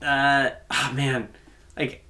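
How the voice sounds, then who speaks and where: A man co-hosting a casual sports podcast, thinking out loud in a rambling, halting way. His voice sits at a medium pitch, and he fills his pauses with "um" and "man.". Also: little pitch movement. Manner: rambling, many fillers and restarts. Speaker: podcast co-host.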